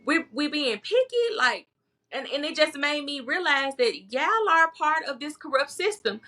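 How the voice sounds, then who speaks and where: A woman with a fairly high, vivid and forceful voice talks candidly as a guest. She is bold and vocal, doubling back on words for emphasis in a relaxed podcast conversation. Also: a little slow. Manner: bold, emphatic, repeats words when stressing a point. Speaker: herbalist guest.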